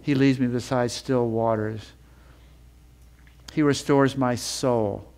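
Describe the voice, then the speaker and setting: A man's voice: steady tone, darkish tone. Impassioned male preacher. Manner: impassioned, builds with repeated phrases; reads scripture in a slower, lower voice. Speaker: Bible teacher. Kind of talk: sermon teaching.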